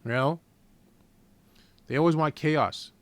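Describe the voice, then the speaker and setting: A man preaching informally from scripture in a blunt, profane, heated way, reading the verses slowly and deliberately. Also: a little high, a bit bright, no room sound. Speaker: scripture teacher.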